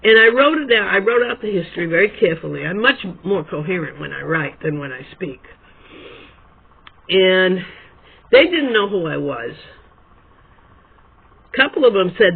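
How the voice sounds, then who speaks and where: A man's voice: sits high, very animated, normal speed, gravelly, pauses often, husky. A man telling a long, digressive story to his camera at home, chatty and prone to correcting himself. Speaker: video blogger. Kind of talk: rambling storytelling monologue. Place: room at home with a quilt behind him. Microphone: camera at his desk. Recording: tinny phone-like sound.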